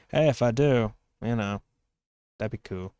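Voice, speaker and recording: A man's voice: medium pitch, a little mellow, smooth, dry recording, clean studio sound. A young man hosting a casual podcast, rambling and self-deprecating, with a slight lisp. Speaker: podcast host and streamer.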